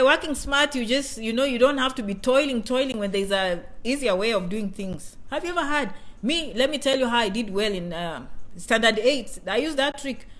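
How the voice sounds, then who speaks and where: A woman in her thirties from Kenya chats on a casual live stream, talking straight to her viewers. She has a somewhat high voice and a playful, talkative manner, often saying a phrase two or three times over. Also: a bit bright. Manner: chatty, repeats phrases, playful asides. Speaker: vlogger hosting a live chat.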